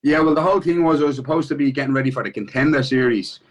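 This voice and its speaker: A man's voice: mid-range voice, racing, poor audio. A man with an Irish accent, an MMA fighter being interviewed in casual chat, swearing freely and repeating "do you know what I mean" between thoughts.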